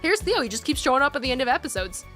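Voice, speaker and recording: A woman's voice: sits high, big pitch swings, rapid-fire, sharp tone, faint music behind. A woman casually commenting on a game from her home desk, chatty and giggly. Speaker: let's play host. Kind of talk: casual let's play commentary. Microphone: headphones with desk mic.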